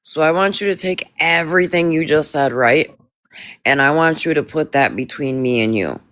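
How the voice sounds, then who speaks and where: A man hosting a live stream, calmly mediating an argument between callers. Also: fairly high pitch, normal speed, clean tone, no room sound, clean studio sound. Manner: calm, mediating, tells speakers to hold on. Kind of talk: moderating a live stream dispute.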